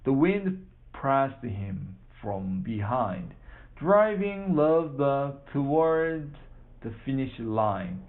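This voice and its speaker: A man reading a children's book aloud for practice, halting, repeating and correcting words. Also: medium pitch, sing-song. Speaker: reader. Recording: tinny phone-like sound.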